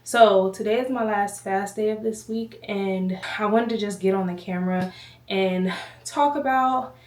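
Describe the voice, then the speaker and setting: A woman's voice: medium pitch, fairly even intonation, unhurried. A woman vlogger chatting casually to camera at home, slightly out of breath, rambling and addressing viewers as y'all. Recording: echoey room, voice from a distance.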